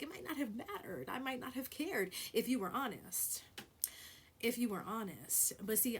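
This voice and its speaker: A woman telling a story on her vlog in a blunt, profane, animated way, with loud stresses and hushed asides. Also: mid-range voice, a little hiss or hum. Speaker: vlogger.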